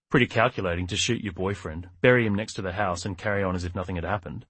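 Dry and close, this recording features a husky, low-voiced man narrating an audiobook from a script. He tells the story at a steady, measured pace.

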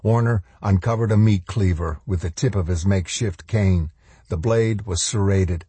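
A man narrating a novel in an audiobook with measured, even storytelling. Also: deep voice, breathy edge, dry recording.

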